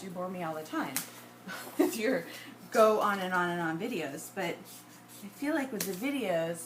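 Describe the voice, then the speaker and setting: A woman's voice: mid-range voice, slight background noise, poor audio. A woman chatting casually while she scrapbooks, rambling off on tangents and laughing often. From United States. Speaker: scrapbooking vlogger.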